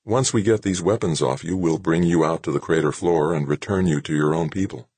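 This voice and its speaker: A man voicing a calm woman rescuer who talks soothingly and reassuringly. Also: sits low, fairly quick, breathy edge, dry recording.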